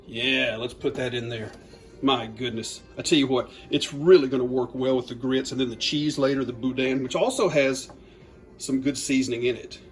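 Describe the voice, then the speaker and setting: A chatty man hosts a home cooking video. His voice sits at an ordinary middle pitch, and he keeps a folksy, upbeat tone. Faint music plays behind him. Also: steady tone, moderate pace. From Louisiana. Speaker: cooking channel host. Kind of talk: casual cooking demo. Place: home kitchen.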